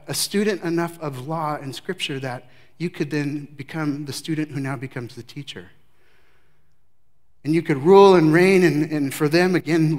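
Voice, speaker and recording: A man preaching a sermon verse by verse, emphatic, with his voice swinging from loud declarations to hushed remarks. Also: fairly high pitch. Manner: emphatic, varies loudness widely, drops to hushed tones. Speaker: pastor. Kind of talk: expository sermon.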